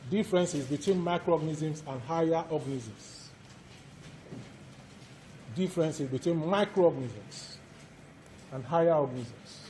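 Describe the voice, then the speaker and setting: A man with a Nigerian accent, lecturing a class and slowly repeating each point for students to write down. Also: on the high side, mellow, slight background noise. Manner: quizzes students directly. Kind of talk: classroom lecture, dictating notes. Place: lecture hall.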